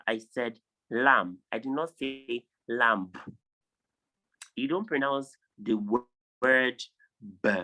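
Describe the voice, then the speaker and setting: A man's voice: mid-range voice, poor audio. A man teaching an online class, reading out word lists and stressing and repeating each pronunciation. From Nigeria. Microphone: video call.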